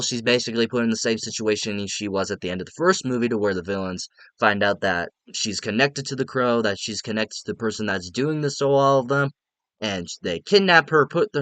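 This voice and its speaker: A man's voice: mid-range voice, pushed and bright, clean tone, dry recording. A man giving a casual, rambling spoken movie review, frank and often restarting his sentences.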